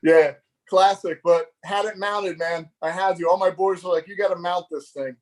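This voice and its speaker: A middle-aged fishing magazine editor, appearing as a guest on a live show, tells a fishing story in a high, bright voice at normal speed. He's animated and chatty, laughing constantly and acting out everyone's dialogue.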